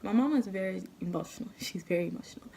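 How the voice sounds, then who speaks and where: A young woman telling a story on her vlog, animated and profane, full of slang. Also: medium pitch, fast, gravelly, a little hiss or hum. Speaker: vlogger.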